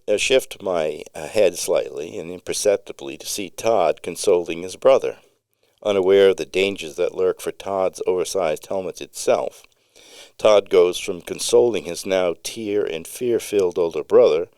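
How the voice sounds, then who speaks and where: A man reading his own memoir story aloud as narrator, telling it in a vivid, unhurried way with occasional slips. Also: deep voice, a little mellow, no echo, studio quality.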